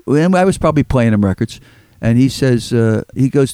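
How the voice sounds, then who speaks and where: This older man from Philadelphia, a record collector guest, has a medium-pitched, dark, smooth voice and speaks at normal speed. His interview storytelling rambles, with repeated words and acted-out quotes. The studio mic picks up no echo.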